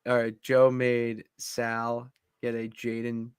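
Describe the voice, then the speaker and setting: A young man co-hosting a wrestling podcast, relaxed, mostly chiming in with short replies. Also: medium pitch, slow, clean tone, dry recording, studio quality. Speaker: podcast co-host. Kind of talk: casual chat.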